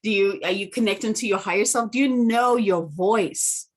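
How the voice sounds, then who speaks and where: A woman's voice: medium pitch, normal speed. A woman guest on a podcast interview, talking in an earnest, affirming way and often checking in with "right?". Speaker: guest, spiritual mentor.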